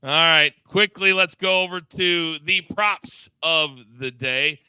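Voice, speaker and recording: A male host with a very bright, crisp voice runs a live betting show. He talks fast and upbeat and ribs his crew as he goes around the table. The sound is dry and close. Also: a little high, no room sound, poor audio. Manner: upbeat, quick and teasing, calling on each crew member.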